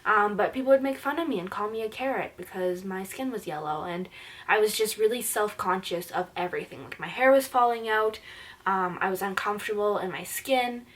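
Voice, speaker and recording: A young woman from Canada talks straight to the camera about her own life. She is earnest and chatty and leans on "like" as a filler. Her voice sits at an ordinary middle pitch for a woman. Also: fairly quick, fairly bright tone. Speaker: vlogger. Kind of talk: personal storytelling to camera.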